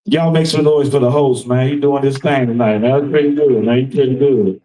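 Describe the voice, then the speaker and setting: A man's voice: medium pitch, fairly quick, hardly any pauses, low-quality recording. A man performing live on stage as a soul singer, hyping the crowd with call-outs before singing. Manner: energetic crowd hype with frequent "hey" and "y'all". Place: live event hall.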